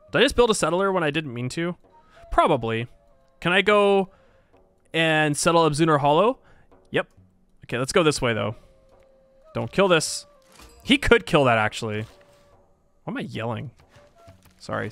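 A young man streams a strategy game, chatting loosely to himself and his viewers. His voice sits slightly high and swings up and down in lively bursts, with frequent laughs. Faint music plays beneath him. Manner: chatty, jokey, laughs often, talks to himself and chat. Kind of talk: casual gameplay commentary.

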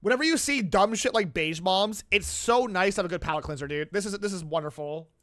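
A man hosting a casual reaction video who talks in an excitable, rambling way. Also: high voice, brisk. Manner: excitable and rambling, with frequent outbursts.

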